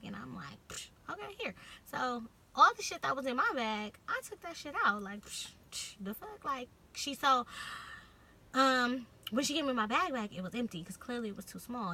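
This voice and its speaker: A young woman with a Californian accent telling a casual storytime vlog, animated, swearing freely and acting out what people said. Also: fairly high pitch, a little hiss or hum. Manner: animated, swearing, acts out quotes. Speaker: vlogger.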